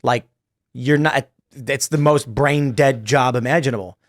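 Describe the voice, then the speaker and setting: A man's voice: mid-range voice, a little slow. A man hosting a casual political panel discussion, talking in loose restarts and stumbles. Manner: talks in loose restarts, mimics newscasters. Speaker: podcast host.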